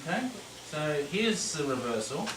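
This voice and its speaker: A man's voice: fairly high pitch, very animated, unhurried, fairly bright tone. Guy giving a talk, mic kinda far off, roomy echo, noisy recording. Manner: conversational, explaining and quizzing the audience. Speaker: lecturer. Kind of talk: live lecture with audio examples. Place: lecture room with audience. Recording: echoey room, distant mic, noisy.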